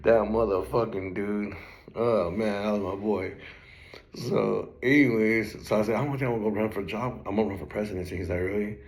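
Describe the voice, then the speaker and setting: A young man hosting his own channel, telling his life story in a relaxed, slang-heavy way with plenty of swearing. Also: fairly low pitch, moderate pace. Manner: laid-back street slang, swears a lot, breaks into laughter. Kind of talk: casual storytelling to camera.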